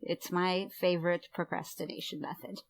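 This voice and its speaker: Gravelly-voiced woman guest. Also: on the low side, steady tone, moderate pace. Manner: self-deprecating, laughs while talking. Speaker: podcast guest, writer. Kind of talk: casual chat.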